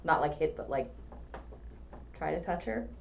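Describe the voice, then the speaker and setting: A woman's voice: deep voice, expressive, normal speed, gravelly. A woman playing a tabletop game, thinking aloud and hesitant, with many fillers. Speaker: player. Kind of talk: casual chat at a game table. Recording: dull lo-fi sound, faint room noise.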